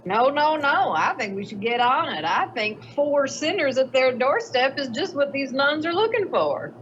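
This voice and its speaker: A woman's voice: sits high, animated, moderate pace, fairly bright tone. A woman playing a tabletop game in character, bantering in western slang. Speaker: tabletop player. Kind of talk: in-character role-play. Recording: dull lo-fi mic, faint noise.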